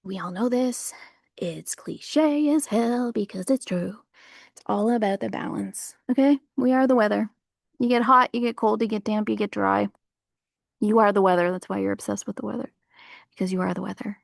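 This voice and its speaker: A woman's voice: fairly high pitch, normal speed, creaky, pauses often, a little mellow, no echo, clean studio sound. A woman hosting a casual livestream outdoors, rambling through spiritual musings with lots of fillers. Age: adult parent. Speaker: livestream host. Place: outdoors on a warm day.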